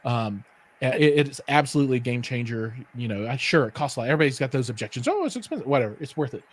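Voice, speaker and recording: A podcast co-host with a medium-pitched voice talks quickly on a casual live-streamed chat. He tells stories animatedly, acts out quotes, and uses lots of fillers.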